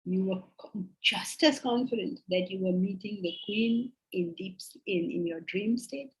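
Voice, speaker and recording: A spiritual teacher, a woman with a medium-pitched voice, leads a philosophy class at an unhurried pace. She makes emphatic points and poses rhetorical questions to her students, and the audio quality is poor.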